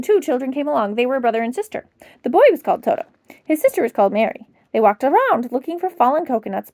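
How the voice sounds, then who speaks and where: Expressive woman reading a bedtime story. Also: high-pitched, creaky, no room sound, clean studio sound. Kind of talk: reading a children's book aloud.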